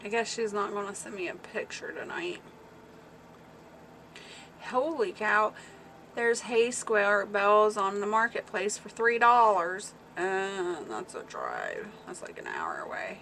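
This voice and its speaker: A woman's voice: medium pitch, big pitch swings, takes it slowly, a bit bright, slight background noise. A woman hosting a casual livestream, chatting with viewers, telling stories and reading comments aloud, laughing often. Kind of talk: casual chat.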